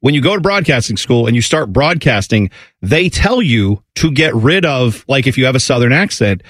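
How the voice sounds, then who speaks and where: A man's voice: medium pitch, very animated, moderate pace, a bit bright, no room sound. A man co-hosting a casual podcast chat in a plain American accent, talking in a loose, rambling way and slipping into mocking quoted voices. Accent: General American. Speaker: podcast co-host.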